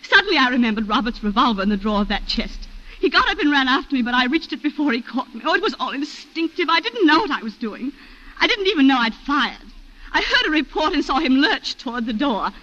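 A genteel wife in a vintage radio play, her voice high, bright and swinging widely as she tells her story with refined, breathless emotion. The broadcast sounds dull and lo-fi. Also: very animated, fast, exaggerated voice. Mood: distraught. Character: genteel planter's wife confessing a shooting. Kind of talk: 1940s radio acting.

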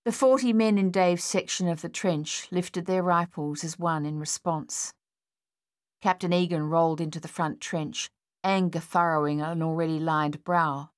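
Woman narrator, audiobook reading, lowish voice, measured telling, dry close sound. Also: fairly even intonation, dry recording.

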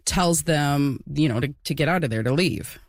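A woman's voice: deep voice, moderate pace, no room sound, clean studio sound. A woman co-hosting a casual history podcast, explaining events with a few fillers. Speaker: podcast co-host.

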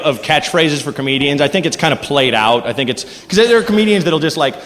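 A man doing a stand-up comedy set, animated and bursting into silly character voices. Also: fairly high pitch, fast talker, a faint crowd. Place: comedy club stage, live audience. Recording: live club with reverb and background noise.

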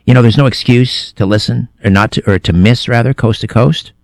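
A man's voice: medium pitch, brisk, no room sound, clean studio sound. A middle-aged man guest-hosting a late-night radio talk show, chatty and telling anecdotes. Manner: conversational, tells anecdotes with restarts. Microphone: studio microphone.

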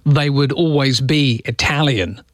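Probing English-born radio host, dry sound. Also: male voice, medium pitch, measured pace, dry recording. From England. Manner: probing, presses questions. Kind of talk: talkback radio debate.

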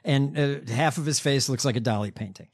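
A man's voice: mid-range voice, a little fast. A man co-hosting a comedy podcast, reading news items with dry jokes and plenty of fillers. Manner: dry, hesitant, many fillers. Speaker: podcast co-host.

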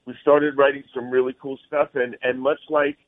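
A man's voice: medium pitch, flat delivery, normal speed. A male musician being interviewed, talking in a rambling, friendly way, heard over a phone line. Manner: rambling, friendly, says "man" often. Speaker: guest musician.

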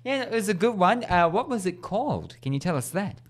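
A man's voice: sits high, big pitch swings, a little fast. A man hosting a radio show in casual chat, laughing often and stumbling over words. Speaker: radio host.

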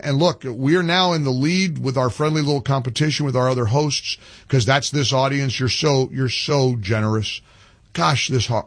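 A man's voice: mid-range voice, dry recording. An older man hosting a talk radio show, talking animatedly with fired-up peaks and earnest appeals to listeners. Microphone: studio microphone.

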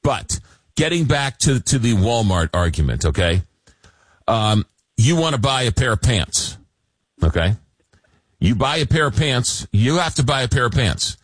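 A man's voice: medium pitch, very animated, a little slow, slightly rough, no echo. A man hosting a call-in radio talk show, reading listener messages aloud and answering callers with many fillers and restarts.

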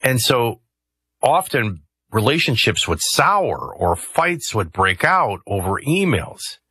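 A man's voice: mid-range voice, very animated, slow pace, pushed and bright, slightly rough, dry recording. A man hosting a talk radio show, commenting conversationally with rambling asides and hesitations into a studio microphone.

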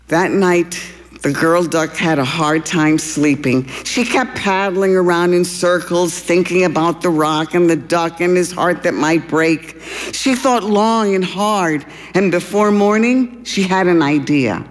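A woman actor narrating a children's story in an expressive, measured way. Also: on the low side, long reverb tail.

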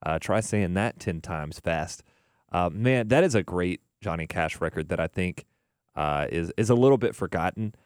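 A young man hosting a radio music show, chatting in a relaxed, rambling way full of "uh"s and restarts. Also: sits low, normal speed, clear, resonant tone, no room sound, clean studio sound. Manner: relaxed, rambling, filler-heavy. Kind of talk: casual radio DJ chat. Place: radio studio. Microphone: studio mic.

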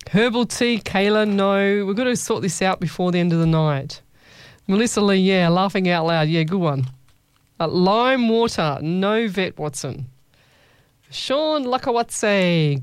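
A woman hosting a radio show, talking in a casual, playful way to her listeners. Her voice is smooth and clear. The studio sound is dry and close. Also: medium pitch, no room sound. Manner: chatty, playful, calls listeners lovey. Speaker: radio host. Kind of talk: casual chat reading listener messages.

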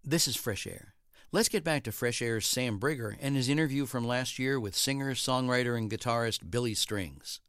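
A man hosting a radio show, reading scripted links in a measured, even way into a studio microphone. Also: mid-range voice, smooth, dry recording.

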